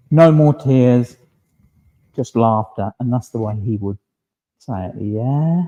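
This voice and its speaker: Very dark-voiced man giving spirit messages. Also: medium pitch, lo-fi sound. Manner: gentle, keeps checking in with a questioning yeah. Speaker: medium. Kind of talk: relaying spirit messages in a church service. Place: village hall.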